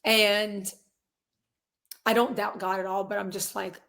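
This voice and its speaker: A woman's voice: medium pitch, flat delivery, unhurried, creaky, fairly bright tone. A woman in her twenties, a guest in a casual interview, talking earnestly and rambling through restarts and quoted asides. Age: 20s. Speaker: guest, singer and real estate agent.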